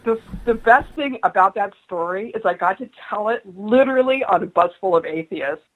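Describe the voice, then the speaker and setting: Woman guest on a talk radio show, spiritual advisor, lively storyteller who acts out the voices. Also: mid-range voice, moderate pace, narrow, tinny audio. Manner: animated storyteller acting out quoted voices.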